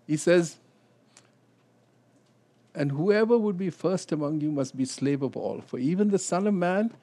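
A man leading a Bible study, explaining scripture and acting out quotes with a rising, animated voice. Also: a little high.

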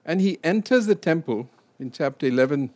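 A man with a fairly high voice teaches a Bible study group. He talks things through casually, then bursts into loud, animated retellings of the scripture scenes. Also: a little fast. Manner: animated, acts out scripture quotes with rising voice.

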